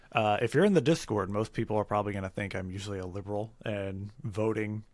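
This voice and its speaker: A man's voice: lowish voice, fairly quick, no echo. A man co-hosting a comedy podcast in easygoing casual chat, laughing often. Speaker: podcast co-host.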